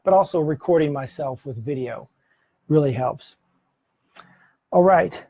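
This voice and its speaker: Gravelly, husky, and dark in tone yet on the high side, this middle-aged man's voice is expressive and a little slow. He speaks to a camera mic, sharing practical presentation tips conversationally, correcting himself mid-sentence and laughing occasionally.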